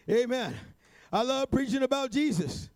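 A man preaching a sermon, building to shouted, rhythmic refrains and sprinkling his lines with "amen" and "uh". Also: very high-pitched, lively intonation, slow pace.

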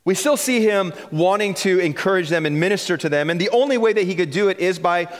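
A man's voice: high voice, fast, big-room sound. A male pastor preaching a sermon in a conversational style, drawing out key phrases and chuckling now and then.

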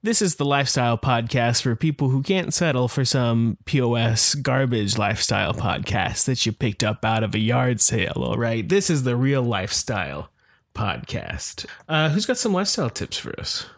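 A man's voice: medium pitch, lively intonation, normal speed. A man co-hosting a comedy podcast with mock-grand, jokey banter. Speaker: podcast co-host.

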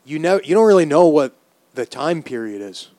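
A man's voice: on the high side, big pitch swings, normal speed, mellow, dry recording. A man in casual chat, joking with crude banter and laughing easily.

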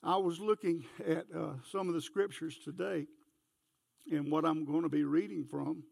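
High, gravelly-voiced folksy preacher. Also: male voice, fairly even intonation, normal speed, darkish tone, dry recording, studio quality. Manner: homespun, anecdotal, talks to the congregation directly. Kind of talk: folksy sermon with storytelling. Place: church sanctuary.

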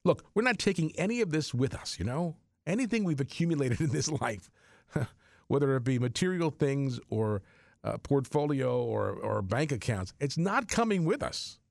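A man hosting a Catholic radio show, making an earnest, excitable on-air fundraising appeal with frequent restarts. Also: mid-range voice, moderate pace, creaky, no echo, studio quality.

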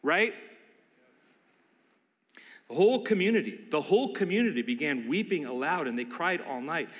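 A man's voice: on the high side, expressive, normal speed, long reverb tail. A man preaching a sermon, emphatic and questioning his listeners as he reads and explains scripture. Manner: emphatic, asks the congregation questions. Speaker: pastor.

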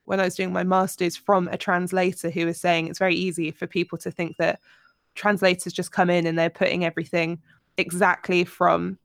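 A young woman co-hosting a book podcast, her voice pitched low with a gravelly fry. She talks in a loose, chatty way, full of "like" and restarts. The recording is dry and close to the mic. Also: little pitch movement, brisk, dry recording. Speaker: podcast co-host. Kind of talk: casual book-club chat.

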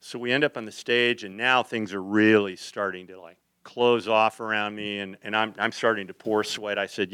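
An older man, a photographer, telling lively rambling anecdotes to a live audience, slipping into acted quotes. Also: lowish voice, moderate pace, no room sound.

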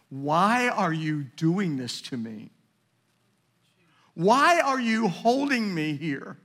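A man in his fifties preaching a sermon in a church, swinging between loud emphatic peaks and hushed, low storytelling. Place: church sanctuary.

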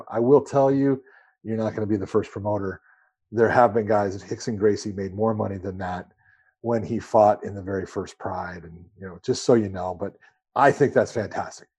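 Male podcast co-host, mellow tone, casual rambling storyteller. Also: on the low side, fairly quick, husky. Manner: relaxed, rambling with profanity.

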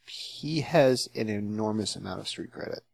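A man's voice: lowish voice, lively intonation, normal speed, gravelly, dry recording. A man co-hosting a casual podcast chat, sardonic and opinionated, teasing his co-host.

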